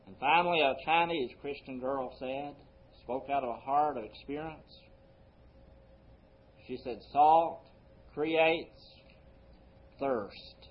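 A male pastor preaching a sermon, swinging between loud emphasis and quiet low phrases, slowing down on scripture quotes. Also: muffled recording.

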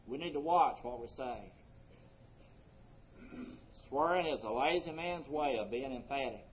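A man preaching a sermon earnestly, his voice rising for emphasis and then dropping soft. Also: medium pitch, animated, a little slow, slight background noise. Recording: muffled lo-fi recording.

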